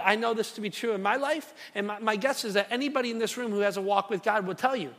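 A man preaching a sermon to a congregation, telling a story with lively repetition and calls to the room. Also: high-pitched. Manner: animated, repeats phrases for emphasis, calls to the congregation. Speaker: pastor. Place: church hall. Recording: long hall reverb.

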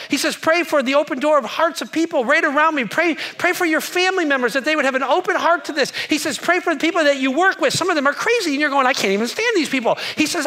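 A man in his thirties preaching a sermon in a church auditorium, repeating lines and swinging from hushed to shouted. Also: extremely high pitch. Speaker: pastor.

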